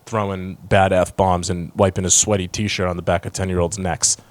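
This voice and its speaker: A man co-hosting a podcast, telling stories in a slangy, animated way and acting out quotes. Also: low-pitched, normal speed, dry recording. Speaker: podcast co-host. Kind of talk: casual chat, storytelling.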